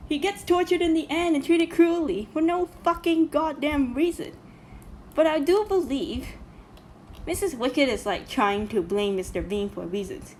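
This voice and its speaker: Reaction host, female, high voice; indignant, profane, filler-heavy rant with faint background noise. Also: unhurried, darkish tone. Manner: indignant, swears a lot, many fillers. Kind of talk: casual reaction commentary.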